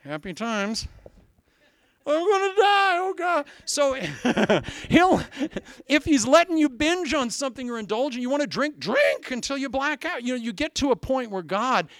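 Animated high-pitched male preacher, gravelly. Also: normal speed, no echo, clean studio sound. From Iowa. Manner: animated storytelling, acts out voices and laughs. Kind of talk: sermon.

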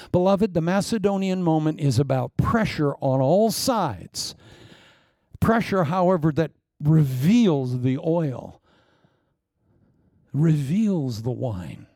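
A man preaching a sermon with wry, self-mocking humor, swinging from loud emphasis down to hushed asides. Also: on the high side, no room sound, studio quality. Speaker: pastor.

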